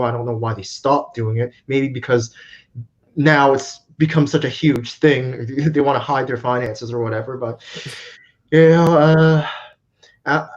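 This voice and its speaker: A man lays out his opinion step by step in a relaxed chat. His pace is steady. The recording is dull and lo-fi. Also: mid-range voice. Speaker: co-host. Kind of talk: casual podcast chat. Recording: dull lo-fi mic.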